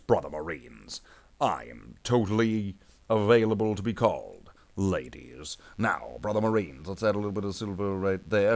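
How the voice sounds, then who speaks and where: A man streaming himself painting miniatures, chatting casually and jokily in a space marine persona and calling his viewers brothers. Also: on the low side. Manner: rambling and jokey, calls viewers "brother Marines".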